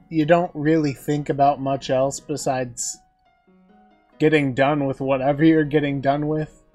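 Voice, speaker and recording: Excitable man recapping an anime episode. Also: on the high side. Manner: excitable, chuckling fan talk with acted quotes. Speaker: anime reviewer.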